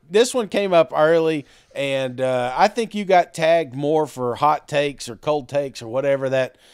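A man's voice: fairly high pitch, clear, resonant tone, no room sound, studio quality. A man co-hosting a casual college football podcast, joking and ribbing his partner. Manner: joking, laughs often, teasing. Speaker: podcast co-host. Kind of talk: casual sports chat.

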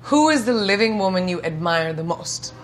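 A woman's voice: lowish voice, lively intonation, moderate pace. Guest: playful, laughing woman in her thirties from India, faint music behind. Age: 30s. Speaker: celebrity guest. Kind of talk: quick-fire interview answers. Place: indoors at home.

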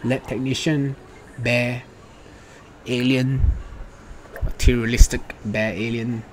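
A man's voice: mid-range voice, flat delivery, slow pace. A man giving casual, playful commentary over his gameplay, chatting and cheering on the characters on screen. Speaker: let's play gamer. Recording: noisy home recording.

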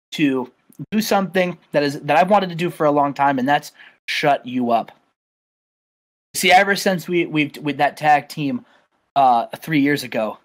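A man's voice: lightly acted, low-quality recording. A man voicing a resentful male wrestler who stumbles over his words. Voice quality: low, halting, stumbling.

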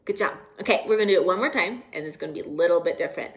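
A young woman leading children's singing time, speaking gently and encouragingly between songs. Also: lowish voice, animated, rapid-fire. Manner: gentle, encouraging, sings along. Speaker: children's music leader.

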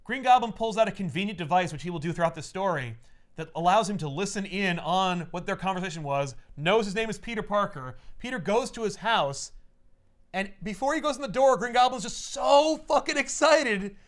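A man on a casual comic book podcast, recapping a story with profane jokes and quick voices for the characters. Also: high-pitched. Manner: animated, profane, acts out characters in jokey voices. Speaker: podcast co-host.

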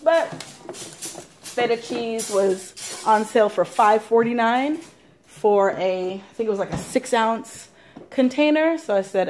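Woman, thirties, casual kitchen vlog, chatty, slightly high voice, faint hiss. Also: expressive, measured pace, darkish tone. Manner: chatty, thrifty price talk with fillers. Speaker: vlogger. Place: home kitchen.

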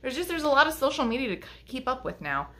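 A woman's voice: high voice, very animated, fast, pushed and bright. A middle-aged woman chatting casually to camera about her lace-making, rambling with lots of ums and restarts. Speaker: lace-making vlogger and teacher. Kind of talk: casual chat showing crafts to camera.

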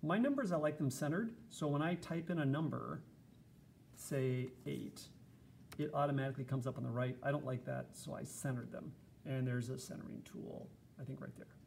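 A man's voice: medium pitch, normal speed, vocal fry, a little mellow, a little hiss or hum. A man giving a casual, chatty screencast lesson, explaining step by step with fillers. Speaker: teacher.

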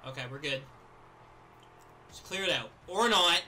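A young man giving live commentary over his own gameplay, chatting casually and then yelling and laughing at big plays. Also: a little high, measured pace, pauses often. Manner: excitable, yells and laughs at plays. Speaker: gaming video creator.

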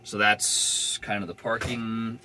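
A man's voice: on the low side, little pitch movement, slow pace, very noisy. A young man telling a van-life story in a casual, rambling way, full of fillers and swearing. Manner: rambling, laid-back, swears freely, many "like" fillers.

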